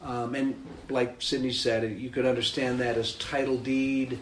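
A man preaching a sermon, animated and emphatic, acting out the story as he tells it. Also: mid-range voice, a little slow, roomy sound, a little hiss or hum. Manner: animated, acts out the scene with rising emphasis.

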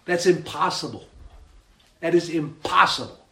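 A man preaching a sermon, animated and emphatic, acting out the story as he tells it. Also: a little high, a little slow, roomy sound. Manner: animated, acts out the scene with rising emphasis.

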